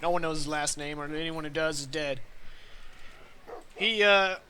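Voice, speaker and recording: A man's voice: on the high side, moderate pace, sharp tone, slight background noise. A man voicing a weary, dry-humored frontier gunsmith with a folksy drawl and hesitant fillers. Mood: grim.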